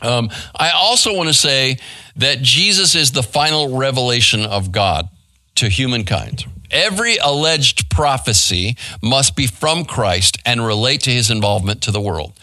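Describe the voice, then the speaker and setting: A man's voice: mid-range voice, expressive, normal speed, sharp tone, dry recording. A middle-aged man and pastor, giving a casual Bible study with many fillers and asides to the room. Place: church hall.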